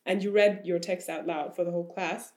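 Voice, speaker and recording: A woman's voice: lowish voice, steady tone, fairly quick, darkish tone. A young woman, a former classmate, chatting casually about school memories with many filler "likes". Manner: chatty, with frequent "like". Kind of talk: casual interview recollection.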